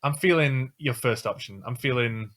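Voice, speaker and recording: A man's voice: mid-range voice, moderate pace, a bit bright. A man co-hosting a comedy podcast, chatty and enthusiastic as he tells stories. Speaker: podcast co-host. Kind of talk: casual chat turning into comedy improv.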